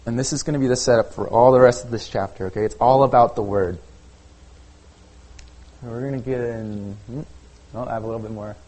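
A man preaching a sermon in a relaxed, conversational way, often checking in with "okay?" and using "like". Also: medium pitch, a little fast, pauses often, low-quality recording. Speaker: pastor.

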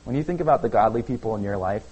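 A man preaching a sermon in a relaxed, conversational way, often checking in with "okay?" and using "like". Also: on the low side, racing, slightly rough, lo-fi sound. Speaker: pastor.

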